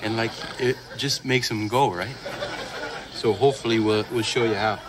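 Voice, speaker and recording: A man's voice: lowish voice, fairly even intonation, natural voice. A man voicing a laid-back Canadian host of a parody show, rambling with chuckles and a put-on accent. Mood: conspiratorial. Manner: rambling, chuckling, drawn-out 'eh'. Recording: clear background noise.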